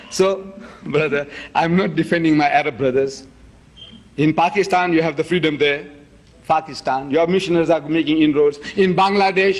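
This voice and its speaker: Emphatic, high-pitched man lecturing. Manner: emphatic, showing objects and repeating key words. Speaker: debate speaker. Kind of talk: public lecture to an audience.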